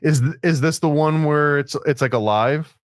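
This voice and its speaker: A man's voice: fairly high pitch, normal speed, dry recording, clean studio sound. A man playing a game and chatting casually over a voice call, laid-back and joking, calling his friend dude and man. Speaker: guest player in a gaming video. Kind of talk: casual gameplay chat.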